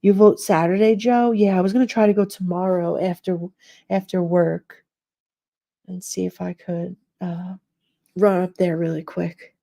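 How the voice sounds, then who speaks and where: A middle-aged woman hosting a casual livestream chats directly with her viewers at a normal speed, her warm, mellow voice on the low side, steady, and gravelly. She rambles through everyday stories, laughing often and impersonating the people in them.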